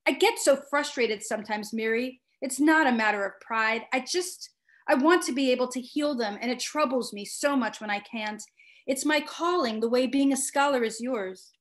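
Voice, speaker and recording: An earnest young male medic from a storybook, pleading with quiet, steady insistence, voiced by a woman reading aloud. He sits in a fairly high register and never lets the matter drop. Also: moderate pace, close to an everyday voice.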